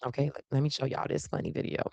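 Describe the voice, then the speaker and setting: Low-voiced chatty woman hosting a live stream. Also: very fast, vocal fry, dark tone, no room sound, dull audio. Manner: chatty and playful, says y'all constantly. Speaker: host of a live stream show. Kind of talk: casual live stream chat.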